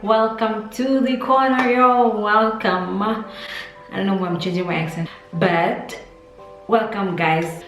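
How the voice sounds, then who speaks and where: A woman from Namibia hosting a casual makeup review vlog, chatty and rambling with many fillers. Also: fairly high pitch. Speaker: beauty vlogger. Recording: roomy echo, distant mic, faint music.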